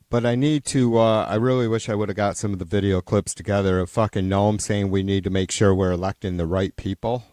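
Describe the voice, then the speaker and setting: A man's voice: lowish voice, a little mellow, no room sound, clean studio sound. A man hosting a livestream, chatting casually and rambling, swearing often and restarting his sentences. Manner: rambling and profane, with many restarts and trailing-off sentences. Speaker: livestream host. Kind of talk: casual unscripted stream chat.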